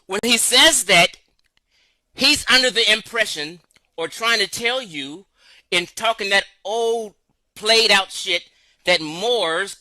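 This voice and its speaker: A man's voice: high-pitched, sharp tone, no room sound, poor audio. A man commenting casually on a video he is playing, slangy, saying "bro" and "man".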